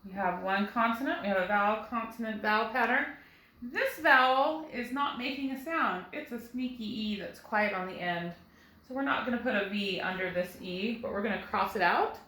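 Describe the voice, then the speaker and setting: A woman's voice: medium pitch, animated, normal speed, sharp tone, reverberant, rough recording. A first grade teacher, a woman, giving a recorded phonics lesson, patiently sounding out words for young children.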